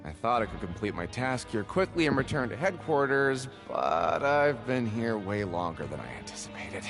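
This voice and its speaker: A man's voice: mid-range voice, big pitch swings, normal speed. An actor voicing an anxious young male drink promoter in a video game, fretful and apologetic. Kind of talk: game voice acting. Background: game music.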